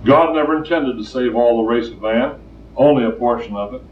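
A man's voice: mid-range voice, fairly quick. Preacher man, distant echoey lo-fi recording. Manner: plainspoken, storytelling, emphatic repetition. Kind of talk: sermon.

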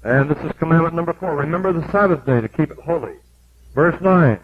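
An older man preaching a sermon, reading scripture in a measured, emphatic rhythm with a gravelly voice. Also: fairly high pitch, animated, slight background noise. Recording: dull lo-fi sermon tape.

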